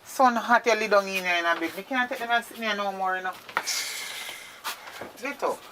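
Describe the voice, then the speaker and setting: A woman's voice: medium pitch, moderate pace, noisy background, natural voice. A woman with a Jamaican accent, acting in a drama as a nagging woman waking a lazy man. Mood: scolding. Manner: nagging, scolding patois. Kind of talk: low-budget drama acting.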